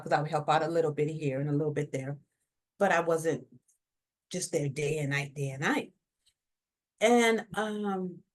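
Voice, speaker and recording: Lively woman telling a personal story. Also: on the low side. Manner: lively, tag questions like "right?". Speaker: guest telling her near-death story.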